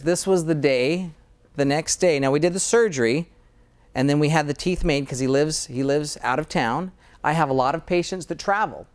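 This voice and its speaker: Eager man with a higher voice. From Utah, USA. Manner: earnest, enthusiastic, many restarts. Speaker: dentist, guest. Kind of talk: interview conversation.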